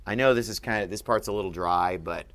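A man's voice: lowish voice, fast talker, a bit bright. A man teaching at a board in a room, explaining patiently and checking in with frequent "okay?".

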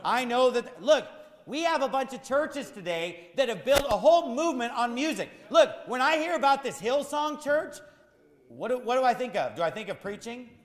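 A man's voice: very high-pitched, sing-song, moderate pace, echoey room, long reverb tail. A man preaching a sermon as pastor, firing rhetorical questions in a repetitive, emphatic cadence.

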